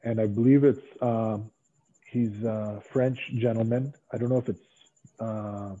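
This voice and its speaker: A former pro wrestler as an interview guest, telling rambling stories in casual chat with lots of fillers and restarts, heard over a tinny phone-like line. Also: male voice, fairly low pitch, fairly even intonation, a little slow, dark tone. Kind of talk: casual storytelling.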